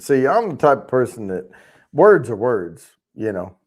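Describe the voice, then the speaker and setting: A man's voice: mid-range voice, very animated, measured pace, slightly rough. A man hosting a casual livestream, rambling and chatting with viewers in the chat, swearing freely as he talks. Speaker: livestream host.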